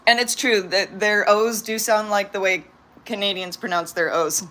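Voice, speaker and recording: Her voice sits at medium pitch, fairly bright, with fairly even intonation and normal speed. The young San Diego vlogger, Californian-accented with a touch of New York, chats bubbly and casually to livestream viewers and her pets.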